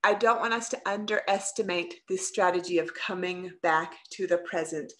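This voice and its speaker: A middle-aged woman, a leadership coach, giving an earnest and expressive workshop talk to a group on a video call, asking them questions as she goes. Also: fairly low pitch, moderate pace. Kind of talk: live online workshop talk.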